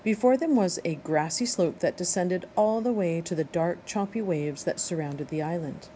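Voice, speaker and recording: A woman reading a children's novel aloud in a steady, expressive narration. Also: lowish voice, moderate pace, slight background noise, low-quality recording. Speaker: audiobook reader. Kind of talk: storybook read-aloud narration.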